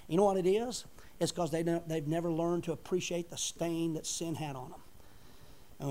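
Fervent high-voiced man preaching. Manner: fervent, rising to loud emphatic peaks. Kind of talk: sermon.

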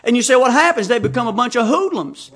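High-pitched emphatic man preaching. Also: lively intonation, fast, a bit bright. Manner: emphatic, reads scripture aloud and tells anecdotes. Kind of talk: sermon.

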